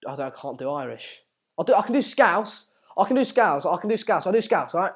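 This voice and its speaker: A man's voice: on the high side, animated, fairly quick. A man from Sweden hosting a live football watchalong, casually commenting on play and reading viewer comments. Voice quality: chatty, reads viewer comments aloud. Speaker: live stream host.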